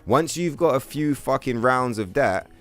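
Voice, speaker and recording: A man streams a video game and rants casually in a mid-range, animated voice, speaking a little slowly with faint music in the background. His livestream commentary is profane and rambling, stuffed with swearing, filler words, and plenty of "bro" and "like."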